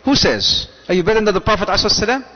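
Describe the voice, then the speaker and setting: A male preacher with a fairly high voice gives an animated lecture. He acts out little scenes and raises his voice suddenly. It is a muffled recording with long echo from a big hall. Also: rapid-fire. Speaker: Islamic preacher. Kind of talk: lecture to an audience.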